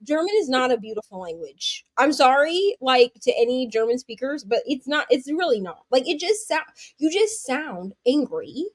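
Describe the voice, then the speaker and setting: High, chatty woman host. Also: very animated, dry recording. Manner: chatty storyteller, quick asides, laughs often. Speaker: host of a long reading and craft sprint stream. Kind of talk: casual chat.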